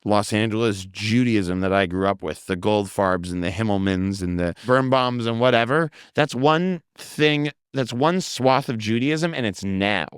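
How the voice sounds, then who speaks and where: A man from the United States, a comedian guest in a casual interview, talking quickly with many fillers and some swearing. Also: lowish voice, clean tone, no echo, studio quality.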